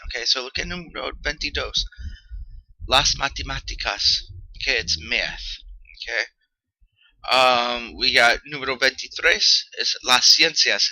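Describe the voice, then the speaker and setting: Man teaching with a bright, sharp voice. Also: mid-range voice, dry recording, rough recording. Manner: casual, joking, checks in with "okay?" often. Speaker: Spanish teacher. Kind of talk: recorded classroom vocabulary lesson.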